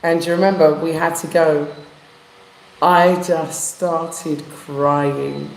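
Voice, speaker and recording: A woman's voice: deep voice, steady tone, slow, vocal fry. A woman from England telling a heartfelt personal story in casual chat, using street slang. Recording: echoey room.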